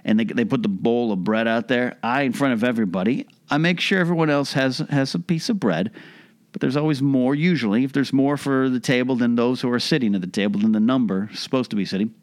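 A man's voice: medium pitch, a little fast. Man giving mock-serious comedic advice. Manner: mock-serious, animated, rhetorical asides. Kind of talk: casual comedic monologue.

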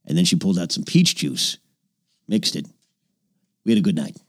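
A man in character as an aging, boastful old-Hollywood film producer who hosts a comedy podcast, rambling and name-dropping, sometimes dropping into low confidential mutters. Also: sing-song, normal speed, gravelly, dry recording, clean studio sound, heavily acted. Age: older. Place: small home recording nook.

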